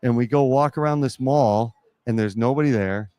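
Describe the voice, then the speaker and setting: A man who coaches college basketball, telling lively stories in a live podcast interview at a pizza restaurant. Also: mid-range voice, normal speed, no room sound. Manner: animated storyteller acting out quotes.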